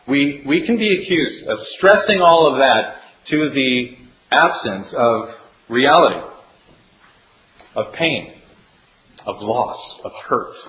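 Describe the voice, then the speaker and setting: A man preaching a sermon as pastor, speaking earnestly and swinging between emphatic rises and hushed, drawn-out drops. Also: mid-range voice, expressive. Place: church sanctuary. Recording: echoey room with faint hiss.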